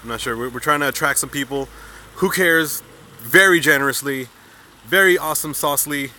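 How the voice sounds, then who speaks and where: A man's voice: fairly high pitch, brisk, bright, forceful tone, slight background noise. Hyped slangy man streaming outdoors. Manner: hyped, slangy, says dude and man constantly. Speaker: mobile game streamer. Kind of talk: casual live-stream chat to viewers. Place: outdoors on a city street.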